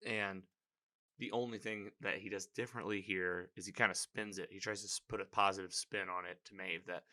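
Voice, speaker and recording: Male recapper, somewhat low voice with a crisp, forceful edge; loose, chatty, reactive delivery. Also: brisk. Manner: rambling, filler-heavy, animated reactions. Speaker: TV episode recapper. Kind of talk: casual spoken episode recap.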